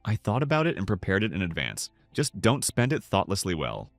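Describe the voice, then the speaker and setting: A man's voice: sits low, wildly swooping pitch, fairly quick, gravelly, dry recording, faint music behind, exaggerated voice. A man reading the lines of a young woman, a hurt and angry younger sister.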